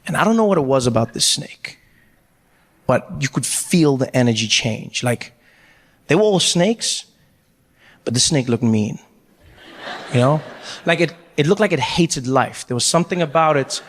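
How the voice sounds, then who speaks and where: Animated male stand-up comedian. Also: mid-range voice, moderate pace, pauses often, long reverb tail. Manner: animated, acts out voices, laughs through lines. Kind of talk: stand-up storytelling.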